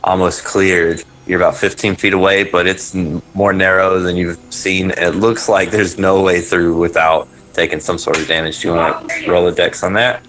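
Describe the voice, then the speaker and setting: A man with a very low voice narrates a tabletop fantasy game as its game master. He talks hesitantly, full of ums and restarts, as he describes the scene and calls for rolls. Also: little pitch movement, moderate pace, few pauses, fairly bright tone, rough recording. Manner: hesitant, many fillers and restarts.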